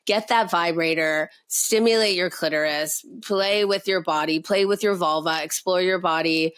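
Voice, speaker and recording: A woman's voice: fairly low pitch, moderate pace, fairly bright tone, clear, resonant tone. A woman sex therapist, a guest on a podcast, talking frankly and emphatically and swearing freely in casual conversation.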